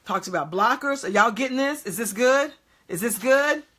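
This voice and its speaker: A woman's voice: on the high side, animated, moderate pace, fairly bright tone, slight background noise. A woman preaching an emphatic motivational sermon, repeatedly checking in with her audience.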